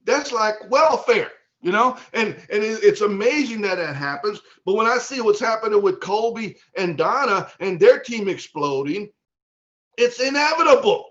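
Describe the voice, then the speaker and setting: Man, high voice, fervent pep-talk leader who rises to shouting; lo-fi call audio. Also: animated, normal speed. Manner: fervent preacher-like, builds to shouting. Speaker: business leader speaking to team. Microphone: video call.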